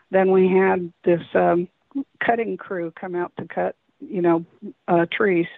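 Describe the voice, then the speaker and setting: A woman's voice: medium pitch, creaky, no echo. A woman calling in to tell a long story, hesitant and rambling with many restarts, heard over a telephone. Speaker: caller recounting an encounter. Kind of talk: phone-in storytelling. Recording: tinny dry phone line.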